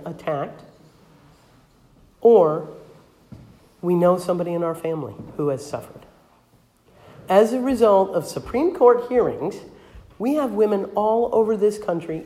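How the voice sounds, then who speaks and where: Older lady pastor telling a bible story, lowish voice that swings up and down a lot, acts out the characters. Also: reverberant. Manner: animated storytelling with acted-out voices; drops to a soft, hushed voice for emphasis. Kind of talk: sermon retelling a Bible story.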